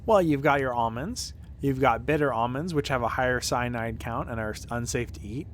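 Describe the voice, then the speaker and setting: A man's voice: mid-range voice, fairly quick, slight background noise. A man streaming as a vtuber, chatting casually and rambling through tangents with offhand swearing. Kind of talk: casual gameplay chat.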